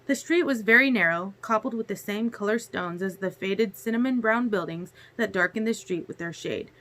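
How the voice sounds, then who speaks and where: A woman narrating a novel chapter aloud in a steady storytelling manner. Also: mid-range voice, normal speed. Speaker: audiobook reader. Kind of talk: audiobook narration.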